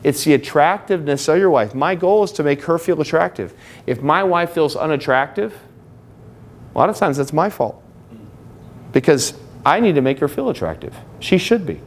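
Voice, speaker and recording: A man's voice: a little high, big pitch swings, moderate pace, slight background noise. A middle-aged man speaking live to an audience at a marriage seminar, conversational and joking, full of personal anecdotes.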